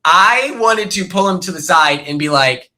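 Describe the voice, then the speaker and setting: A young man guest on a podcast, telling animated stories about his time on a reality show and laughing often. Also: sits high, moderate pace. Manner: animated storyteller who acts out quotes and laughs often. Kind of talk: casual podcast chat.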